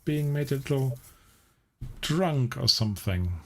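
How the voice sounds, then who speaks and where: A man narrating as game master, describing scenes and prompting the players. His voice is gravelly and a bit husky, at a middle pitch. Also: lively intonation, a little slow, a bit bright.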